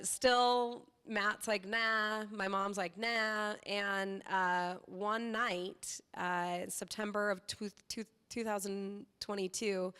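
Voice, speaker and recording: A middle-aged woman from Southern California, a company founder telling her story in a casual interview with lively energy. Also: mid-range voice, smooth. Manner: lively, animated storytelling with laughs.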